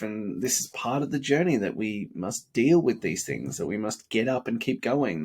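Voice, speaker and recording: Weary, husky man, swearing freely. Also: medium pitch. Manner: blunt and profane, tired, yawning between thoughts. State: exhausted. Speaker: vlogger on a self-improvement challenge. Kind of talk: casual motivational vlog.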